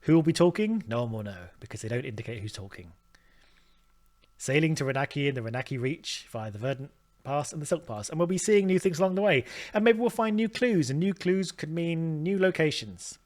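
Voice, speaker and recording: A man with a slightly high, expressive voice, speaking a little fast, hosts a let's play. He narrates the gameplay in a chatty, self-deprecating way.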